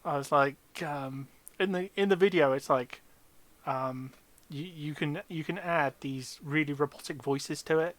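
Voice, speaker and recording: A man's voice: fairly high pitch, normal speed, fairly bright tone, no room sound. A man acting as dungeon master, chatting casually and telling jokey, rambling stories between game turns. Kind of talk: casual chat while running a tabletop game.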